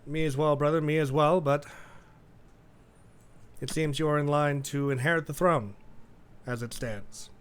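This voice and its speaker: A man's voice: on the high side, fairly even intonation, a little slow, long pauses, clean tone, pitched above the performer's own voice, natural voice. A man voicing an earnest young noble who formally pleads for his brother's life. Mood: pleading.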